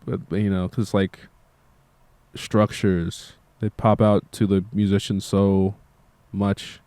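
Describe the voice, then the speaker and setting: A man's voice: on the low side, little pitch movement, slow, mellow, clear, resonant tone, no echo. A tired young man who makes music, talking in a meandering casual monologue and swearing freely. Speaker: musician vlogger.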